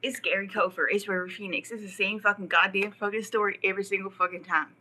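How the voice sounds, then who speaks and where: A woman's voice: medium pitch, fairly even intonation, fast talker, sharp tone, a little hiss or hum, poor audio. A woman on a livestream in a rambling, profane, mocking rant. She often drops to a whisper and laughs mid-sentence. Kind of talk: rambling live-stream rant.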